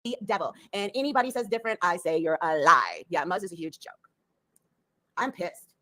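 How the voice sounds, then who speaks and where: A woman's voice: on the low side, sing-song, a little fast, pushed and bright, dry recording. A woman delivering a furious, profanity-filled rant, threatening and angry.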